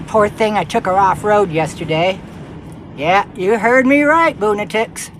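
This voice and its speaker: A woman's voice: medium pitch, measured pace. Chatty woman vlogging in a noisy bus. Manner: chatty, exclaiming, rambling asides. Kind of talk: casual vlog talk to camera. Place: inside a bus home during a sandstorm. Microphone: handheld phone. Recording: storm noise around the bus.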